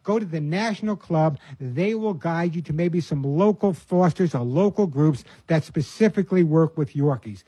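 An older man hosts a call-in pet advice radio show, talking in an earnest, folksy way. His voice sits a bit high for a man but sounds mellow and husky. The sound is dry and close, with no room around it. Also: animated, normal speed, hardly any pauses, no echo. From New York. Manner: earnest, folksy, repeats words when starting phrases.

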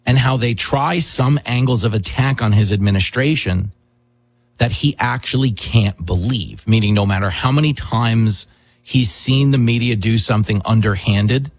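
Husky, combative male talk host. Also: on the low side, no room sound, rough recording. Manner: combative, rhetorical, with mocking asides. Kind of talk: opinionated political commentary.

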